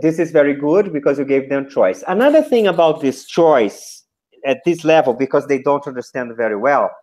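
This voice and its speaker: A man giving feedback to a trainee teacher, modeling classroom instructions in short, deliberate chunks. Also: a little high, lively intonation, darkish tone.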